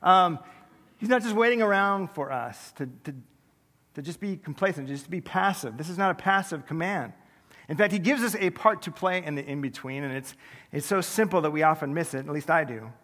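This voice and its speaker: Guy pastor preaching, fairly high voice, chatty and jokey, long church echo. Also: fairly bright tone. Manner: conversational, self-deprecating humor with quick asides. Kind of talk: sermon. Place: large church sanctuary.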